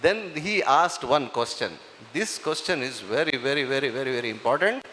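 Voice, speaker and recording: A man's voice: mid-range voice, animated, normal speed, bright, forceful tone, a little hiss or hum. A man with an Indian English accent, a police officer giving a motivational talk to students. He teases and coaxes the audience as he talks. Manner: teasing, coaxing the audience. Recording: echoey hall.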